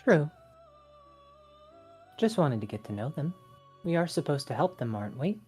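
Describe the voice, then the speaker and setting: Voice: medium pitch, big pitch swings, moderate pace, warm tone, breathy edge, soft background music. A player in a tabletop role-playing game, talking casually with fillers and describing their character's actions.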